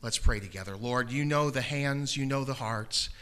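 A man pastor preaching a sermon in a church auditorium, telling a story with gentle humor and then gently pleading with listeners to raise their hands for prayer. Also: medium pitch, moderate pace.

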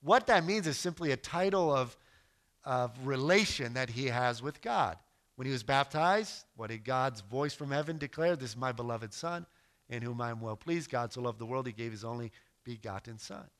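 A man's voice: mid-range voice, animated, moderate pace, fairly bright tone. A man giving an earnest teaching sermon as a missionary preacher, emphatic and storytelling. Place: lives in West Africa.

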